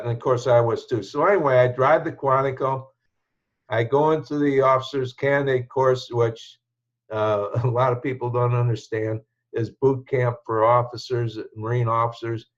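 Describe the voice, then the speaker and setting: Reflecting on his life, this older show host from the United States rambles casually, often starting sentences over and chuckling quietly. His voice sits in the middle range, and the audio sounds dull and slightly lo-fi.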